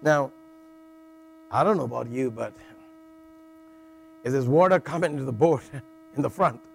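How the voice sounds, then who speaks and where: A man's voice: medium pitch, normal speed, gravelly, a little hiss or hum. A middle-aged man preaching a sermon in a jokey, conversational way, often checking in with "all right" and restarting phrases.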